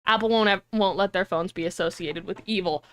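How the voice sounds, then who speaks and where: A young woman streamer chatting casually, animated and rambling, with frequent swearing. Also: medium pitch, brisk.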